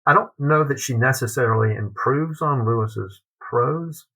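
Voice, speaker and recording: A man, a literary scholar, telling an anecdote in a podcast interview, animated and acting out the quotes. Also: medium pitch, measured pace, breathy edge, poor audio. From United States.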